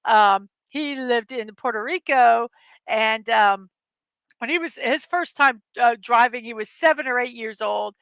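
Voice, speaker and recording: Bright-voiced woman telling rambling stories. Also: on the high side, measured pace, creaky, clean tone, no room sound. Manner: rambling storyteller, laughs often. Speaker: host. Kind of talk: casual livestream chat.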